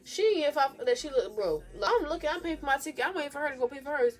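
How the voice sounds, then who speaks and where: A sassy young woman tells a storytime to her phone camera in a casual, animated way. Her voice sits a little high and keeps jumping from loud outbursts to low, muttered asides, with light music under it. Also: racing. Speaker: vlogger.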